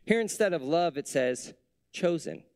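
A pastor delivers his sermon in a fairly high male voice, talking with the congregation rather than at them. He keeps asking them questions and goes quiet and low on the tender lines. The sound is close and dry, with almost no room echo. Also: expressive, a little slow. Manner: conversational preaching with many rhetorical questions.

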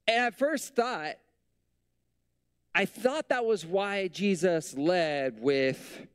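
Man preaching a casual, joking sermon. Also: slow pace. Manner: conversational, humorous asides, lively pitch swings. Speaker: pastor.

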